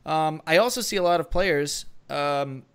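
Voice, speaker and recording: A man's voice: a little high, moderate pace, fairly bright tone, clean tone. A man co-hosting a gaming podcast, giving casual strategy advice in a rambling way with many fillers and restarts. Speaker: podcast co-host.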